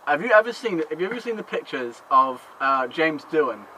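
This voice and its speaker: A man's voice: on the high side, big pitch swings, brisk, sharp tone, rough recording. A man in casual chat, rambling and swearing, laughing often. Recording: faint background noise.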